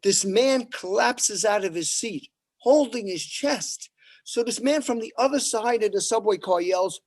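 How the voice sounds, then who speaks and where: A man doing stand-up one-liners at an open mic, with a deadpan delivery and pauses before each punchline. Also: high-pitched. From New York.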